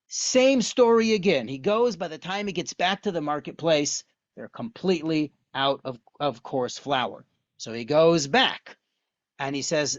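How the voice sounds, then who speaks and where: A man giving an online lesson on Jewish texts. He tells the story in an animated way and asks many rhetorical questions. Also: a little high, a little slow, no room sound, muffled recording.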